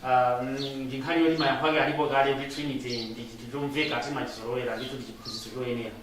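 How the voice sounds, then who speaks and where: Quick, hesitant interpreter, far off in a very echoey room. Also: male voice, medium pitch, fairly even intonation, background noise. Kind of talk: interpreting a talk.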